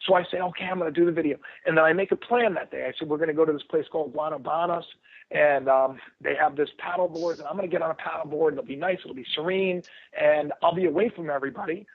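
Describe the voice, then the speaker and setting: A man telling a long story as a radio guest over the phone, excitable and rambling, with many restarts and fillers. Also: a little high, fast talker, gravelly, slightly rough. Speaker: guest author. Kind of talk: casual storytelling on a call-in radio show. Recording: tinny phone line.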